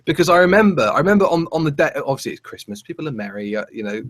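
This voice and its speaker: A man's voice: a little high, very fast. Rambling man chatting. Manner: rambling, animated storytelling with many restarts. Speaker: podcast co-host. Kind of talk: casual chat.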